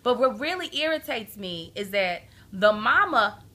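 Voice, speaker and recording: A woman telling a long, exasperated story to camera as a parenting vlogger. She is emphatic and animated and acts out the people she quotes. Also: a little high, a little slow. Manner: indignant, exasperated. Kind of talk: casual storytelling rant to camera.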